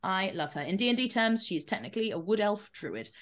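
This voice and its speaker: A woman's voice: medium pitch, lively intonation, fast. A woman playing in a tabletop game, chatting playfully and giggling. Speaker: player. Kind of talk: casual group chat.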